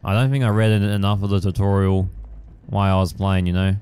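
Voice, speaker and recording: Casting note: young male gaming host, loose rambling commentary, lowish voice, very clean tone. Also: little pitch movement, quick pace, mellow, clear, resonant tone. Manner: rambling with many fillers and casual swearing. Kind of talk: casual let's-play commentary.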